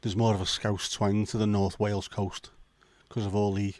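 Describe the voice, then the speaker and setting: A livestream host from Liverpool keeps up sweary, joking banter and chatty asides with his viewers. The voice is on the low side and a little mellow, level in tone at normal speed, in a dry recording.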